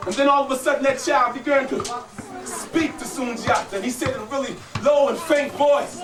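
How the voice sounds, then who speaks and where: Over music, a male storyteller with a very high-pitched voice performs a folk tale live at a brisk pace. He builds a dramatic rhythm and calls out for his listeners to answer back. The room is echoey, and his voice is caught from far off.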